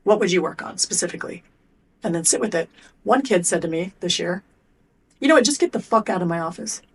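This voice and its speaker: A middle-aged woman speaks as a podcast guest. Her voice sits somewhat low, and her talk is blunt and lively. She swears casually and acts out the coach and the athlete in turn. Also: brisk, slightly rough. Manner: animated storyteller acting out coach and athlete exchanges. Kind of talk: podcast interview.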